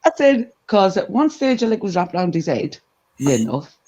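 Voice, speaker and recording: A woman telling a gossipy anecdote in a casual chat, animated and full of asides. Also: medium pitch, normal speed. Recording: dull lo-fi recording.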